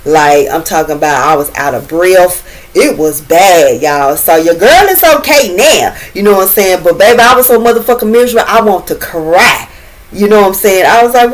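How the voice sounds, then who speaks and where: A middle-aged woman vlogger talks straight to her viewers in a casual storytime. Her voice sits at an ordinary middle pitch, and her speech is loose and slangy, with swearing and constant asides of "you know what I'm saying.". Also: lively intonation, normal speed, poor audio.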